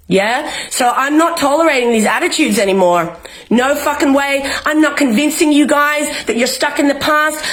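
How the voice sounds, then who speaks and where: A young Australian woman vlogging from home, ranting with passion and swearing often. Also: high-pitched. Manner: fiery, swearing, emotional, rallying. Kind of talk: impassioned political rant to camera. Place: home, in isolation.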